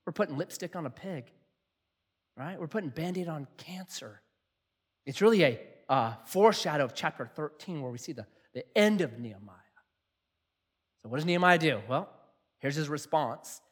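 A middle-aged man preaching a sermon in a jokey, animated way, acting out quotes. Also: on the high side, moderate pace, long pauses. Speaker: pastor.

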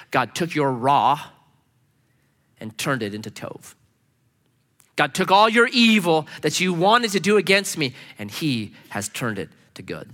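A male pastor delivers a sermon in a lively, conversational way, slipping into voices for the people he quotes. His voice sits a little high and sounds bright and forceful. The sound rings with the long reverb of a church hall. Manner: animated, acts out quoted speech, casual slangy asides. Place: church sanctuary.

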